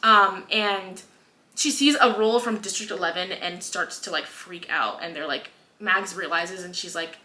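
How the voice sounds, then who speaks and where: Chatty woman with a bright voice. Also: on the low side, unhurried. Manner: retells scenes acting out characters' lines; swears casually, fillers like "um" and "like". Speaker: podcast co-host. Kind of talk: casual book review chat. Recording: echoey room.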